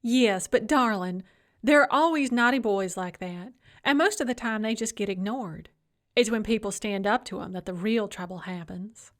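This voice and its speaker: A woman's voice: mid-range voice, normal speed, close to an everyday voice. A woman narrating an audiobook, voicing a doting, shrewd old grandmother with a fond, drawling, teasing manner. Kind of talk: audiobook character voice.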